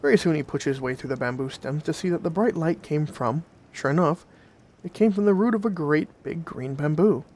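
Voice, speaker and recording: A man narrating old folk tales in a gentle, old-fashioned fireside storytelling manner. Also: on the high side, brisk.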